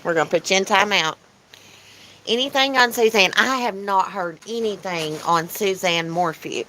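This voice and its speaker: Out on her porch, a channel host runs a relaxed livestream, reading comments aloud and teasing viewers. She speaks at normal speed in a mid-range voice that sounds pushed and bright, over a rough recording with slight hiss or hum.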